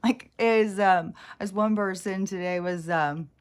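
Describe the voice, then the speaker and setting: A woman's voice: mid-range voice, unhurried, clean tone. A woman vlogger telling a casual story in a chatty, rambling way, often laughing and swearing, and mimicking the people she talks about.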